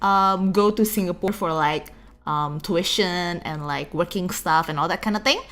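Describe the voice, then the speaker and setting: A woman's voice: on the low side, moderate pace, a bit bright. A young woman from Indonesia with an Indonesian English accent touched by Singlish, chatting casually and giggly as a streamer. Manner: chatty, giggly, lots of fillers. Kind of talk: casual chat.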